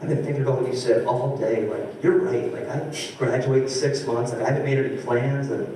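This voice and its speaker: A man in his twenties performing a stand-up comedy set, telling stories and slipping quickly into voices for the people in them. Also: medium pitch, steady tone, warm tone, a little hiss or hum. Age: 20s. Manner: storytelling with quick character voices. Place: live comedy theater stage. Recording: roomy live recording from a distance. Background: audience laughter.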